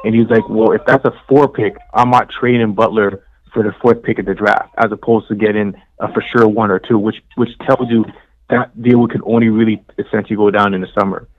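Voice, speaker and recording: A man co-hosting a casual sports talk show, telling stories excitably. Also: lowish voice, fairly quick, lo-fi sound. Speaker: co-host.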